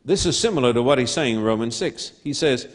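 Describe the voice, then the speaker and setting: A man preaching a sermon, slow and emphatic, repeating key words and building to loud proclamations. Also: mid-range voice, lively intonation.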